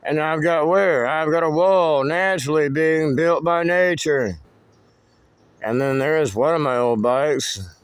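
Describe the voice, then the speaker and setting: A man's voice: fairly high pitch, unhurried, clean tone, no room sound. A man giving a rambling, cryptic walking tour of his wooded land outdoors, swearing freely. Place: outdoors in woods.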